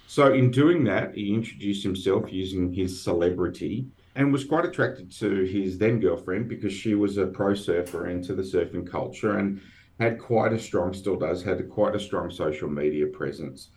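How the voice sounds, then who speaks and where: Deep-voiced man hosting a podcast. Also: moderate pace, darkish tone. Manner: wry, self-deprecating, chatty. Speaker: podcast host. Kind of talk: casual podcast chat.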